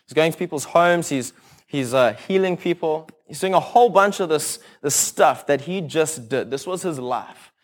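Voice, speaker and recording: Man, pastor, somewhat high voice, conversational sermon, funny storyteller, lots of restarts. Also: normal speed. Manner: casual, conversational, many restarts and asides; animated storytelling with humor.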